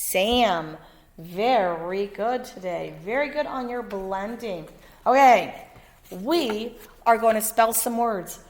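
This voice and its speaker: A woman teaching a second-grade phonics lesson, sounding out letters slowly and clearly and encouraging her pupil. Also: on the high side. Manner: slow, patient, over-articulates letter sounds; encouraging, checks in with "okay?".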